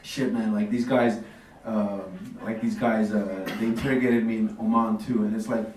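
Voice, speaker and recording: A man's voice: lowish voice, fairly even intonation, moderate pace, a little mellow. A man doing a stand-up comedy set in a café, talking in a laid-back, swearing way with lots of fillers. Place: café stage with audience. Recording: roomy, distant, noisy room recording.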